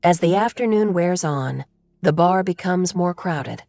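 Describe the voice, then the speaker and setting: A woman narrating a novel as an audiobook, telling the story in a steady, even manner. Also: lowish voice, measured pace, creaky, dry recording, clean studio sound. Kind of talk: scripted narration.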